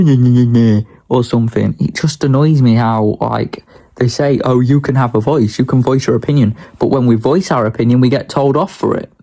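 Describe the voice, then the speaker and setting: A man's voice: mid-range voice, darkish tone. A young man, talking casually and bluntly in a daily vlog, ranting with a lot of swearing. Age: young adult. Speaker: vlogger.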